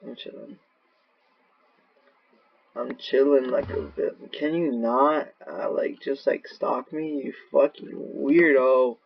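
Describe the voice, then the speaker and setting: A man doing gaming commentary, rambling to himself with profane, erratic outbursts and sudden yelling. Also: mid-range voice, fairly even intonation, slow, vocal fry, husky, no echo. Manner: rambling self-talk. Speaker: gaming channel host. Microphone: laptop mic. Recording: dull lo-fi laptop mic.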